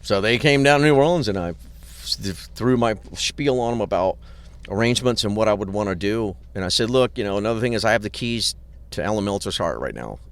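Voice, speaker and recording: A man's voice: lowish voice, animated, a little fast, clean tone. A middle-aged man, a record producer, casually telling long anecdotes with lots of swearing and acted-out quotes. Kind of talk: casual storytelling. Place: hotel parking lot.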